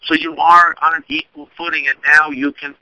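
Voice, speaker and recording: Man, podcast host, solo advice monologue, rambling and chatty, very bright cutting tone, dry close sound. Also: on the high side, level tone, fairly quick, no echo, poor audio. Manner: rambling, conversational, frequent restarts and asides.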